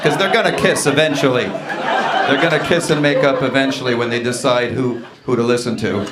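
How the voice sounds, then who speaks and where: A man's voice: mid-range voice, fast talker. A man performing a stand-up comedy set on a club stage, telling stories and acting out the people in them in put-on voices. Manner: animated, acts out characters in voices. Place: comedy club stage before a laughing audience. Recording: roomy club with loud audience noise.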